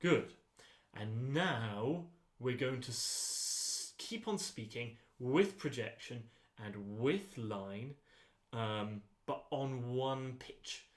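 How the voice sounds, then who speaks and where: Man, choir voice teacher, unhurried instructing, mid pitch, echoey rehearsal room. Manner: calm, unhurried instructing with frequent ums. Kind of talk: rehearsal voice lesson.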